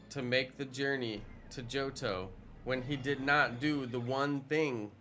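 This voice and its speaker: A man's voice: medium pitch, bright, forceful tone, a little hiss or hum. A man in his thirties chatting casually on a live stream while gaming, joking and answering chat questions.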